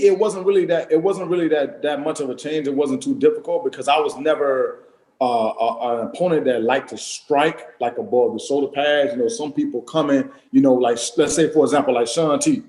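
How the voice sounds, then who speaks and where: A man in his thirties from South Florida, telling stories as a guest in a casual interview, animated and repeating his phrases. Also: fairly high pitch, moderate pace. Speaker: interview guest, retired football player.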